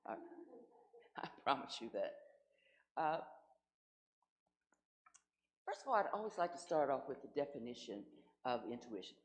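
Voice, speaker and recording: A woman's voice: rumbling low, big pitch swings, normal speed, pauses often, low-quality recording. A woman guest minister giving a conversational sermon, posing rhetorical questions to her congregation.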